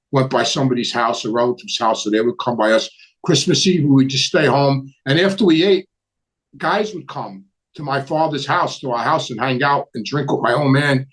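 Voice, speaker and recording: A middle-aged man talks at home, hosting a casual live stream. His voice sits at an ordinary middle pitch. He rambles, repeats his words and talks in a blunt street manner. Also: a bit bright, low-quality recording. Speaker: host. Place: home with a Christmas tree.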